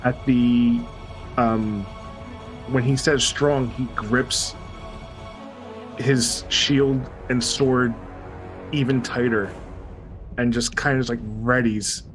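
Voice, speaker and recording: A man describes his character's actions in a tabletop game, speaking very slowly and hesitantly, with many pauses. His pitch is in the middle range, and faint music plays behind him. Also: steady tone, poor audio. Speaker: player.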